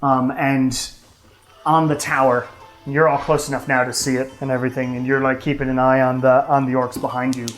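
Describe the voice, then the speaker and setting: A man narrating a tabletop game as game master, talking in a relaxed, loose way with many fillers. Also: mid-range voice, a little fast, poor audio. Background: faint music.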